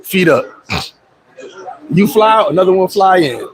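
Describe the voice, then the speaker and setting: A man hosting a casual livestream, telling stories in a profane, animated way, with loud outbursts, and answering viewer comments. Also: high-pitched, unhurried, low-quality recording. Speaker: livestream host.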